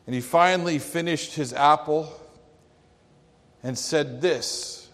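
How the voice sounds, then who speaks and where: A man pastor delivering a sermon in a church, telling a story with dramatic pauses. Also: on the high side. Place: church sanctuary. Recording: long church reverb.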